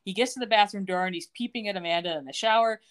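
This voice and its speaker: A woman's voice: mid-range voice, fast talker, clean tone. Woman animatedly retelling a TV episode. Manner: animated storytelling, acting out characters' lines. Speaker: podcast co-host. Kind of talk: casual recap of a TV episode.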